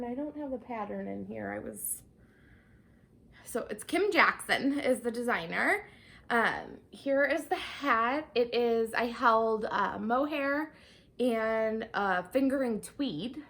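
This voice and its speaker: A young woman with a fairly high voice chats casually as a podcast host. She fills her talk with ums and sounds a little out of breath, bubbly and friendly. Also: fairly bright tone. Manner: chatty, bubbly, many ums. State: a bit out of breath. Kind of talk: casual video podcast chat.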